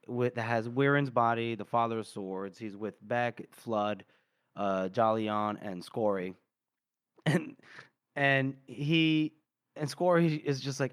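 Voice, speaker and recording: A man co-hosting a book podcast, retelling scenes in a casual, animated way and acting out the characters' lines with laughs. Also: mid-range voice, no echo, clean studio sound. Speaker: podcast co-host.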